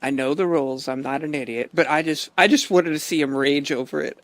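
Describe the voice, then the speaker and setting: A man's voice: on the high side, fairly quick, dry recording. A man streaming a role-play game, rambling out of character in casual, profane chat and laughing often. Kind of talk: out-of-character gameplay commentary.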